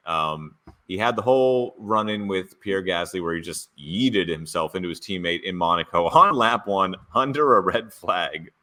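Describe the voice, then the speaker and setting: A man's voice: deep voice, sharp tone. A man co-hosting a podcast in casual, playful chat, teasing and joking as he recaps events. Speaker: podcast co-host. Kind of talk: casual chat, reading out race radio quotes.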